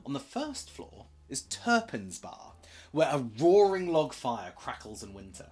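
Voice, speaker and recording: A man's voice: medium pitch, wildly swooping pitch, measured pace, darkish tone, husky. A man giving a casual, rambling slideshow presentation for a charity stream, full of jokey asides and self-corrections.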